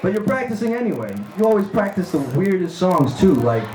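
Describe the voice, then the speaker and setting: A man doing crude, animated stand-up in a live club, his fairly high voice echoing around the room. The audience's laughter and murmur fill the space behind him. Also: brisk. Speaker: stand-up comedian. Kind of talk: stand-up comedy set. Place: live comedy venue with audience. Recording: roomy live club recording with crowd.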